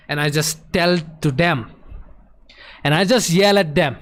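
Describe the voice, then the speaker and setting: A man streaming, telling a personal story in an emotional, animated way and acting out the other people's voices. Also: on the high side, a little slow, pauses often. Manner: emotional, animated retelling that acts out quoted voices. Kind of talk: casual storytelling on a live stream.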